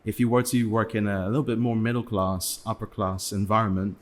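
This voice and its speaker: A young Englishman appears as a podcast guest, chatting casually in an interview with plenty of fillers and restarts. His voice sits lowish and sounds flat, and he talks fairly quickly.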